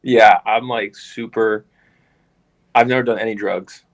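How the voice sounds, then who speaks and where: A man's voice: on the low side, steady tone, a little slow. A young man co-hosting a podcast in casual chat, earnest and rambling with lots of fillers.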